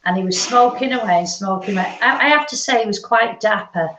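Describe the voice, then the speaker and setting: Gentle woman medium with some fry, recorded in an echoey room. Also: medium pitch, brisk, a little hiss or hum. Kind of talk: psychic reading. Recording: lo-fi echoey stream audio.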